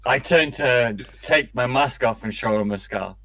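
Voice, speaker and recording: Slow-talking male game player. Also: medium pitch, fairly bright tone, no room sound. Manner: slow, describing actions. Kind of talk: tabletop game play over a call.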